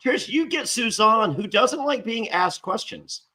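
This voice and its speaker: A man's voice: high-pitched, animated, over a noisy crowd. Wry joking man hosting a show. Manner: wry, joking, quick asides. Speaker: host. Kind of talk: casual aftershow chat.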